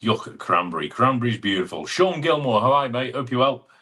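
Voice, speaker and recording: A man, hosting a casual live chat. His voice sits at an ordinary middle pitch while he greets viewers by name and teases them in friendly banter. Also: animated, a little fast, sharp tone. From England (Chester). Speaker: live-stream host.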